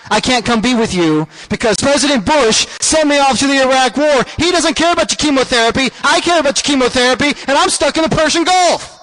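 A man's voice: very high voice, fairly bright tone, poor audio. A man voicing a weary soldier parent stuck overseas, pleading and apologetic to his children.

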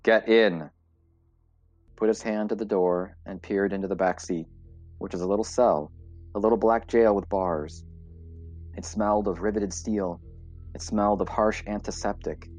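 Very deep-voiced male story narrator. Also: steady tone, darkish tone. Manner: measured, deliberate storytelling. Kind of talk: dramatic story reading. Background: faint music.

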